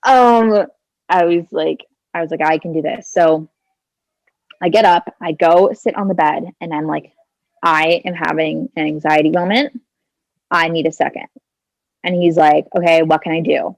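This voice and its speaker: A woman's voice: sits low, steady tone, moderate pace, gravelly, long pauses, no room sound, poor audio. A woman in her twenties, a podcast guest telling a personal story in a chatty way, leaning on "like" and "kinda" and acting out her own thoughts, speaking into a handheld phone. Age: 20s.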